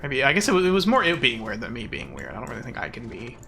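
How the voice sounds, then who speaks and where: A man's voice: mid-range voice, wildly swooping pitch, fast talker, gravelly, sharp tone, faint music behind. Rambling, goofy young male game streamer. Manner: rambling, self-mocking and goofy. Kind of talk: casual gameplay chatter.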